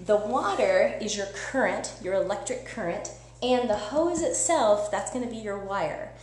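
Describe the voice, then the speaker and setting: A woman science educator giving a lively live-streamed teaching demo, chatty and upbeat, often checking in with "right?". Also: mid-range voice, measured pace. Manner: energetic, chatty, asks listeners "right?". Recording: echoey room with faint hum.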